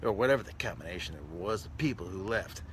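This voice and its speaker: Brief: male comedian hosting a casual live stream, lively pitch, joking and self-mocking, faint background hiss. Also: fast. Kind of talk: casual live-stream chat reading comments.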